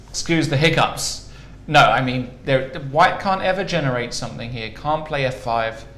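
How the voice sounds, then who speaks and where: A man's voice: mid-range voice, unhurried, fairly bright tone, a little hiss or hum. Laughing male chess commentator, echoey room. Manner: jokey, laughs often, thinks aloud over moves.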